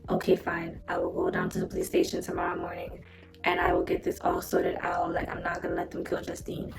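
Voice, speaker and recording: A woman voicing Victor, a defensive, exasperated young man who rattles off gruff excuses in a storytime retelling. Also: rumbling low, monotone, brisk, music in the background, voice pushed down, exaggerated voice, poor audio. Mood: reluctant.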